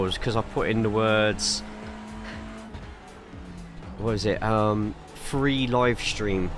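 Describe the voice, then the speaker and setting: A man with an English accent and a slightly low voice chats casually on a live stream, drifting between track tips and replies to viewers. Music plays clearly behind him. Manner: chatty, rambling, reads viewer chat aloud between driving tips. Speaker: sim racing streamer. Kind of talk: casual live-stream chat while driving.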